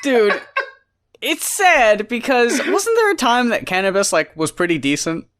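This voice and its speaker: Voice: mid-range voice, big pitch swings, measured pace, background noise. A co-host in a casual podcast chat, dry and sarcastic, swearing freely.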